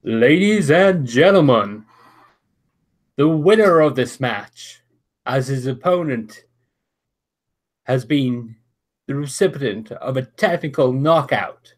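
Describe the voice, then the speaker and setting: A man putting on a wrestling ring announcer, drawn out and loud, in a tabletop game. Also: mid-range voice, expressive. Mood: booming. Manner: drawn-out showman delivery.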